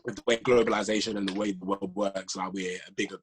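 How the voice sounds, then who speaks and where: A man's voice: low voice, flat delivery, fast, slight background noise. A young man with a London accent, a United fan in a casual football chat, laying out trophy counts. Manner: argues with counts and facts, laid back. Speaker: guest, Manchester United fan.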